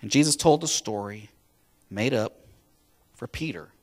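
A man's voice: lowish voice, unhurried, darkish tone. A man preaching a sermon, retelling a story in a casual, conversational way. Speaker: pastor.

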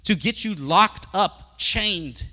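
A man voicing a harsh, unforgiving man who loudly insists on being repaid, in a high, bright voice in a reverberant hall. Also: expressive, slow, heavily acted. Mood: indignant. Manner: indignant, loud, legalistic.

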